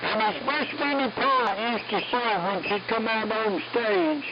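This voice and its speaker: A man's voice: sits high, unhurried, few pauses. A man, checking in on an amateur radio net, folksy and joking, heard through lo-fi AM radio with static. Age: 70s. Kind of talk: ham radio chat.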